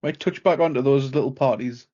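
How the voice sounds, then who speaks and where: A man's voice: medium pitch, fairly quick, dark tone, muffled recording. A male interviewer with a British accent, chatting in a friendly way and laughing along with his guest. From United Kingdom. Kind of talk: casual interview chat.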